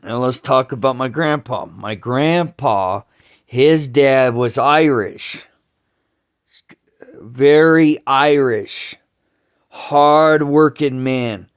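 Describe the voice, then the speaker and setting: Slow, rambling man with a smooth voice. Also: medium pitch. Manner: slow, halting, with many restarts and cursing. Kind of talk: rambling family storytelling.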